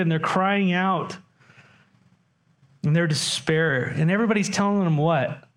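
A man's voice: fairly high pitch, unhurried. A man preaching a sermon as pastor, talking conversationally and putting questions to his congregation.

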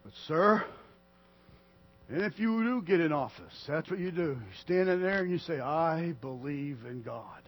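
High-voiced preaching man, muffled recording. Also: expressive, normal speed. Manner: dramatic swings between loud declarations and quiet asides. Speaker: pastor. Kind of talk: sermon.

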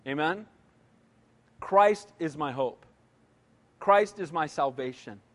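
A man's voice: a little high, animated, slow pace. A man in his sixties preaching a sermon emphatically, often asking the congregation "Amen?". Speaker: pastor. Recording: long reverb of a large hall.

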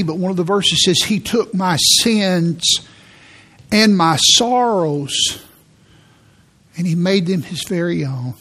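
Man preaching a slow, emphatic sermon. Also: a little high. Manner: slow, emphatic preaching with repeated key words. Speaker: pastor. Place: church sanctuary.

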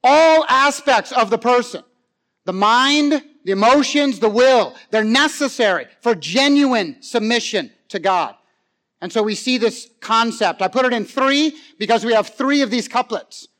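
A middle-aged man preaching a sermon in a conversational way, with many fillers and questions to the congregation, swinging from loud animated stretches to hushed emphasis. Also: very high-pitched, a little slow. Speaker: pastor.

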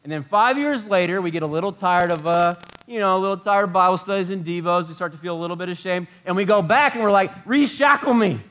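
A man preaching a sermon as pastor, animated and emphatic, full of rhetorical questions. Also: sits high, quick pace, hardly any pauses.

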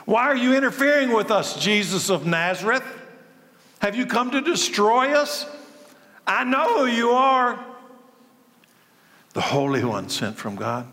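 A man voicing a tormented male demon spirit that cries out in a high, pleading outcry. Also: normal speed, creaky, hardly any pauses, fairly bright tone, long reverb tail. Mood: defiant.

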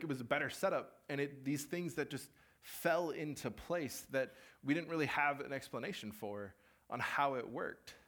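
Conversational young male preacher. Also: medium pitch. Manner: conversational, animated storytelling with acted-out quotes. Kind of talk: sermon with personal story.

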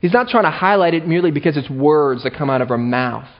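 A male pastor preaching a sermon with animated delivery and playful asides, on a dull lo-fi recording. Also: fairly high pitch, fast talker.

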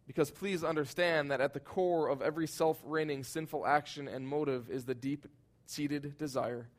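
A man preaching a sermon with a slightly higher-than-average voice. He is earnest and emphatic, swelling loud at his peaks and dropping soft and low to press a point. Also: fairly even intonation, moderate pace. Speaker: pastor.

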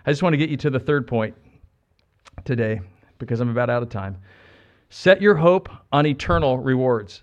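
A middle-aged American man preaching a sermon, animated, repeating phrases for emphasis and joking with the congregation. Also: a little high. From United States. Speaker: pastor.

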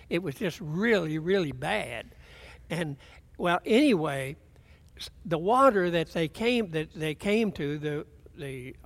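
An older man preaching a folksy, rambling sermon, often restarting his sentences. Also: on the high side.

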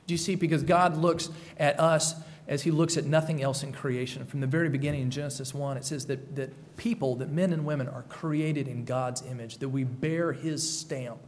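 A man preaches a sermon with earnest conviction, circling back to repeat his key phrases. His voice sits a little high for a man. The sound carries the long reverb of a church sanctuary. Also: darkish tone. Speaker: pastor.

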